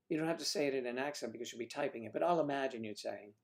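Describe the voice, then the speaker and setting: A man from the northern United States hosts a casual livestream, talking a little fast in a mid-range voice but leaving long pauses. Chatty and jokey, he reads viewer comments aloud as he answers them.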